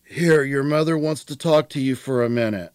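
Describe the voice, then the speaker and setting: A man voicing a steady foster father who talks in an earnest, insistent way. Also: mid-range voice, moderate pace, clean tone, no room sound, studio quality, natural voice. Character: steady, sure-of-himself older foster father.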